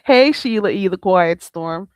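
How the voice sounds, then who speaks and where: A sassy, blunt woman chats casually with her livestream viewers. Her pitch swoops widely as she talks. The sound is dry and close. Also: measured pace, clean tone, dry recording. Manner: blunt and sassy, with lots of "baby" and "you hear me"; animated, swinging between loud outbursts and laughter. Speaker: livestream host.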